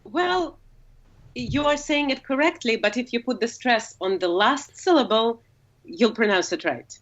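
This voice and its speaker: A Russian-accented woman speaking English as a second language in a relaxed talk. She explains in a roundabout, conversational way, full of fillers and restarts. The recording is slightly muffled and dull. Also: on the high side, unhurried. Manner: explanatory, with frequent fillers and self-corrections. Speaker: guest, opera singer. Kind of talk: casual conversation.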